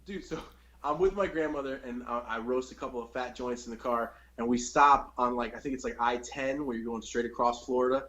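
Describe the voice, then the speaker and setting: A man's voice: medium pitch, a little fast, fairly bright tone, muffled recording. A young man hosting a podcast, telling a long story in a rambling, profane, casual way. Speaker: podcast host.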